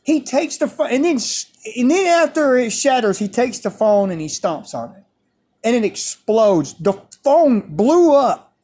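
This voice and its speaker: A man's voice: extremely high pitch, moderate pace. A man telling a story in a casual, profane way, repeating phrases as he goes. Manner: animated, profane, repeats himself.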